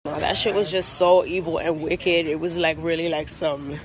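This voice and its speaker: Her deep voice holds a steady tone at normal speed as she angrily vents, selfie-style, through an airport terminal. The profane, filler-heavy rant from this recording artist on tour is captured on a noisy phone with vehicle sounds behind it.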